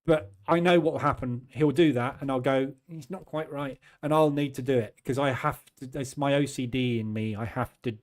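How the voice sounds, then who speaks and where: A man in his fifties hosting a trading channel, talking in a chatty, self-deprecating way and acting out his own quick asides. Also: mid-range voice. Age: 50s. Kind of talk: casual chat.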